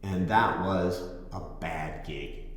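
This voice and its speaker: A man's voice: sits low, slow pace, fairly bright tone. Man telling a gig story in an echoey room. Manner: rambling, self-correcting anecdote with acted quotes. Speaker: channel host, musician. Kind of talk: casual storytelling to camera. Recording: very echoey room with long reverb.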